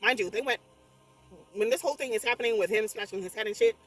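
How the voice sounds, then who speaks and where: A young adult woman recapping a horror movie in a casual, rambling way, animated and swearing constantly as she exclaims through the story. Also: fairly high pitch, quick pace, recorded from a distance. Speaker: movie reviewer. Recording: voice a bit off-mic, faint music behind.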